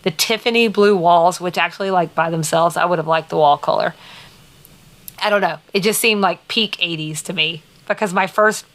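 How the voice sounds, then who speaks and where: A woman with a light Southern American accent, co-hosting a podcast in casual, rambling chat with quick laughs and playful teasing. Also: lowish voice, fairly bright tone. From Southern United States. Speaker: podcast co-host.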